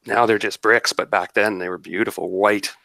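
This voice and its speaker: A man's voice: lowish voice, steady tone, normal speed, vocal fry, bright, forceful tone, no room sound. A man narrating as game master of a tabletop game, rambling and descriptive with many restarts.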